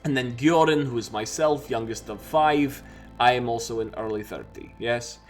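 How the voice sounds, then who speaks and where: A man voicing a male vampire, a woodsman from a peasant family in his early thirties, in a put-on Slavic accent, halting and searching for words. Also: mid-range voice, soft background music, close to an everyday voice. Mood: matter-of-fact.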